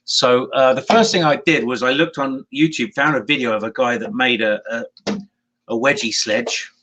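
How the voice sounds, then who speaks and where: An easygoing man co-hosting a casual chat show, with a bright, forward voice. He talks through his woodworking projects in a relaxed, matter-of-fact way. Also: medium pitch, normal speed, a little hiss or hum, low-quality recording. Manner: easygoing, explaining woodworking jigs. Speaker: co-host.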